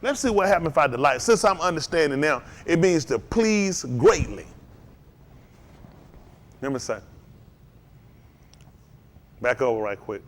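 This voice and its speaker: An animated male preacher leads his congregation in call and response. His voice sits a little high and leaps around, climbing to loud peaks when he presses a point. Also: measured pace, pauses often. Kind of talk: sermon.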